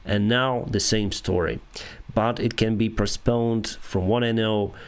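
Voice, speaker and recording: Low-voiced ukrainian guy on a livestream, slow, lots of uh and restarts. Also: fairly even intonation, clear, resonant tone. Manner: halting, many restarts and fillers, reads comments aloud. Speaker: airline pilot and livestream host. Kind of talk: casual livestream chat reading viewer comments.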